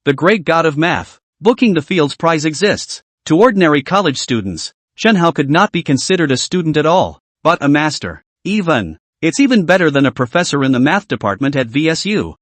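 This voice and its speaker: A man reads a scripted story recap in a steady way. His voice sits a little high and moves widely in pitch. The recording is dry, with no room sound. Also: brisk, few pauses, no room sound. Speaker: narrator.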